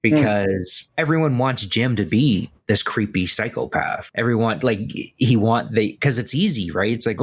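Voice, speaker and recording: A man's voice: lowish voice, moderate pace, few pauses, breathy edge. A man hosting a podcast, talking through a film in a loose, rambling way, full of "like" and "right?". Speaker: podcast host. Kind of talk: casual film discussion.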